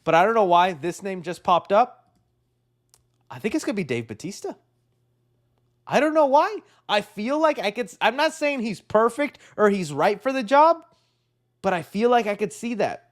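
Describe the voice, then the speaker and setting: Young man, high voice, casual live-stream chat, rambling, excitable, laughs often. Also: moderate pace, long pauses. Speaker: livestream host.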